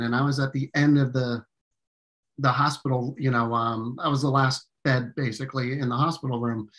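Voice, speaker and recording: A man telling a personal story in conversation as an interview guest, earnest and halting, with frequent fillers and restarts. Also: medium pitch.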